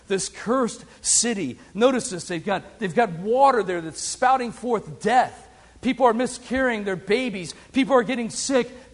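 A man preaches in a big hall, his high voice leaping and dropping with lively emphasis. Long reverb trails after each phrase. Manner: dramatic preaching with big swings in pitch and loudness. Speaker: pastor. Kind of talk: sermon.

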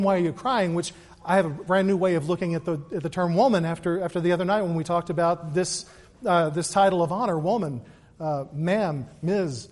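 A man giving an earnest Easter sermon as pastor, repeating words and moving between quick asides and slow, weighty emphasis. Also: sits high. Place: church sanctuary. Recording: long reverb of a large hall.

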